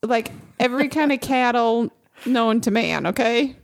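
A woman's voice: on the high side, vocal fry, low-quality recording. A woman, co-hosting a casual chat and telling stories with easy laughter. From Texas. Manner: chatty, laughs easily, drawn-out storytelling. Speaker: podcast co-host.

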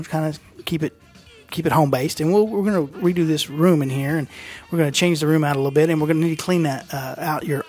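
A man's voice: fairly high pitch, a little mellow. A man hosting a casual talk show, rambling with many fillers. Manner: rambling, full of fillers and restarts, laughs often. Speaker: show host. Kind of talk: casual chat.

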